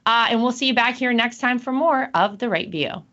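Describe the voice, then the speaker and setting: A woman's voice: fairly high pitch, brisk, bright, forceful tone, dull audio. A woman hosting a casual chat show, talking in an upbeat, chatty way. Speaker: host.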